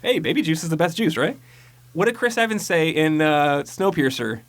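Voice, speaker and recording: A man's voice: on the high side, expressive, normal speed, a little hiss or hum. A man casually recapping a horror movie on a podcast, rambling and profane, mocking the plot and mimicking lines. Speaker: podcast co-host.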